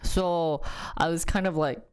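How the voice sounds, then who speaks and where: Measured and smooth, a young streamer chats with her audience in a relaxed way. She narrates a story with lots of energy, her pitch spiking abruptly whenever she performs a quote.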